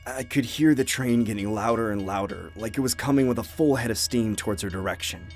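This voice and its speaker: A man's voice: on the low side, a little fast, soft background music. A young man narrating a true horror story in the first person, earnest and tense. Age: young adult.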